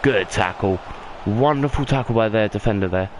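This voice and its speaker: Excitable young man calling game football. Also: normal speed, slight background noise, poor audio. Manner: excitable play-by-play, rising in pitch on big moments. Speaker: gaming YouTuber. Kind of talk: mock football commentary over gameplay.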